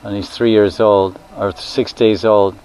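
A man's voice: on the low side, a little slow, clean tone, rough recording. Man telling a sacred story. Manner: lively, repeats and corrects himself, asks the audience questions. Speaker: spiritual teacher. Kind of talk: storytelling religious talk to a live group.

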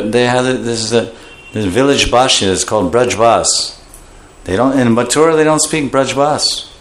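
A man giving a scripture class, explaining terms and acting out voices. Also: medium pitch. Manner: animated, acts out voices while explaining terms. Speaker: scripture teacher.

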